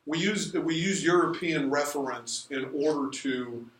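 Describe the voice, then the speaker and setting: A man's voice: fairly high pitch, a little slow, a bit bright. A middle-aged man lectures a class in a casual, rambling way, with lots of ums and restarted phrases. He is picked up from across the room, so his voice sounds distant and reverberant, with a faint hum of room noise under it. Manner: casual, digressive, many fillers and restarts. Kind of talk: university lecture. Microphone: recorded from a distance in the room. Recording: roomy echo from a distant mic.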